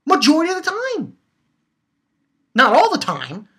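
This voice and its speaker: A woman's voice: high-pitched, wildly swooping pitch, a little slow, a bit bright. A woman giving a heated, profane rant while reviewing a manga chapter, blunt and repeating her points for emphasis. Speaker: anime reviewer.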